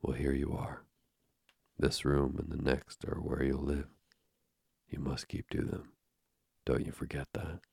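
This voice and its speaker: A man reading the lines of a stern, brisk middle-aged housekeeper in a curt, no-nonsense way, in an audiobook. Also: rumbling low, little pitch movement, gravelly, a little mellow, breathy edge, no room sound, clean studio sound, exaggerated voice. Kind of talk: audiobook narration.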